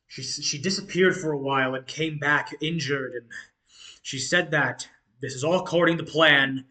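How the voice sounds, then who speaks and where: A man's voice: on the high side, bright, forceful tone. A man doing a defensive young lord. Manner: defensive, hesitant.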